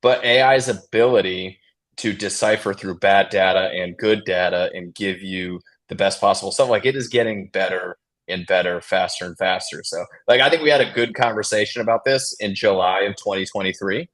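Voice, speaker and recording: A man, a realtor co-hosting a podcast, talking emphatically in relaxed slang. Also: low-pitched, normal speed. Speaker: realtor co-host. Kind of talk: casual panel talk.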